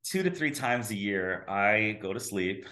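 Low-voiced man telling animated stories. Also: a little slow. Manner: animated storyteller who acts out quoted voices. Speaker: dentist, guest. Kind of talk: casual podcast conversation.

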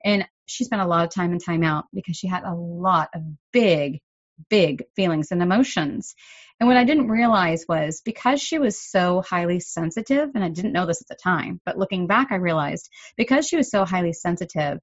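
A middle-aged woman hosting a parenting podcast, explaining in an earnest, gently emphatic way. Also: on the low side, lively intonation, moderate pace, dry recording, lo-fi sound. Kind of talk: solo podcast talk.

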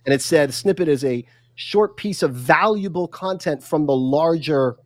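A fired-up man talks with emphatic drive and acts out quick quotes. His voice sits high, and the sound is dry and close, with no room around it. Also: no room sound. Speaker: guest, content consultant. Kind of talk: animated livestream interview.

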